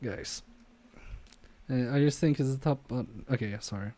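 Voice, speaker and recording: A man's voice: mid-range voice, normal speed, warm tone. A man streaming an electronics repair live, muttering to himself and joking with viewers about his own mistakes. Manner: muttering to himself and chatting to viewers, self-deprecating.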